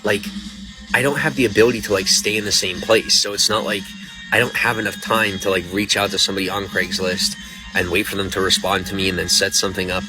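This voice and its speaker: A man's voice: on the low side, level tone, quick pace, low-quality recording. A man on a late-night livestream, exhausted and emotional, talking in a weary, rambling way from a restaurant. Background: loud music from a nearby speaker.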